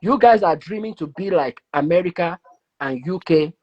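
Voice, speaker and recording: A man with a Nigerian accent lectures in a measured way during a live audio debate. His voice is husky and a little high, and it comes through dull and lo-fi. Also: expressive. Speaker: debate participant.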